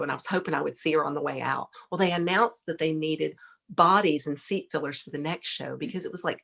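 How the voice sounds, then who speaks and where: A middle-aged woman with a Texan accent telling a lively story as a podcast guest, laughing often. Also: deep voice, creaky, husky. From Texas. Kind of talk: casual storytelling chat.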